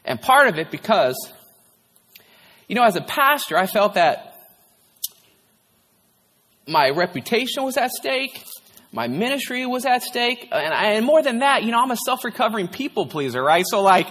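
A man's voice: high voice, sing-song, normal speed, pauses often, fairly bright tone. A male pastor preaching a candid, conversational sermon, sharing a personal story. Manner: candid, conversational, tearful at times, frequent "right?". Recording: long hall reverb.

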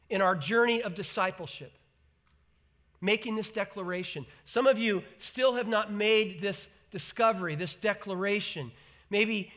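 A man preaching a sermon in an animated way, acting out the voices he quotes and repeating words for emphasis. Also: high voice. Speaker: pastor.

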